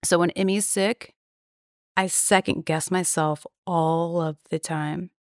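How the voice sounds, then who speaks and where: A woman's voice: lowish voice, steady tone, takes it slowly, no room sound, studio quality. A young woman guest telling a story in casual chat, blunt and indignant, swearing freely and acting out what others said. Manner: acts out quoted voices while retelling. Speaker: podcast guest.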